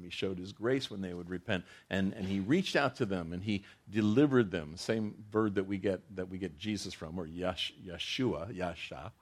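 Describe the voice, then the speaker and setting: A man's voice: low voice, slightly rough. A man preaching a sermon as a pastor, earnest, often restarting his phrases and rising into emphatic bursts.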